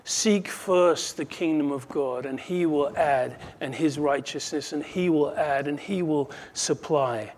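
A pastor giving a sermon, earnest and emphatic, repeating phrases for effect. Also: male voice, on the high side, unhurried, few pauses, a little mellow, a little hiss or hum.

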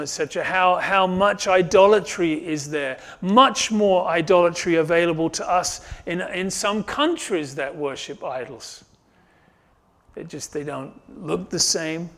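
A man preaching a sermon in a somewhat high voice. He swells loud and intense on his key points, then sinks back down to a quiet, soft tone. He often repeats himself and restarts his sentences as he goes. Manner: rises and swells when stressing a point, then drops low and soft. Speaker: pastor.

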